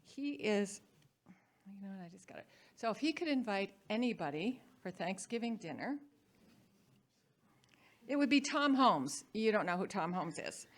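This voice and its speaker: Woman, event host, mid-pitched voice, chatty introduction, small slips. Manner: conversational, with small stumbles. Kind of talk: live stage introduction. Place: hall before a live audience.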